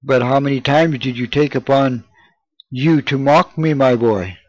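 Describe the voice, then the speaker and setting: A man's voice: mid-range voice, unhurried, no echo, lightly acted, poor audio. A man reading the part of a haughty parish priest who presses a boy with questions. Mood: stern.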